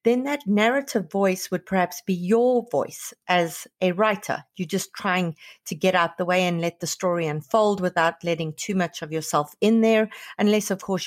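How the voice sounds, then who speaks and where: Woman, podcast host, lowish voice, dry close sound, explanatory, self-deprecating. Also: no echo. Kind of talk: interview podcast conversation.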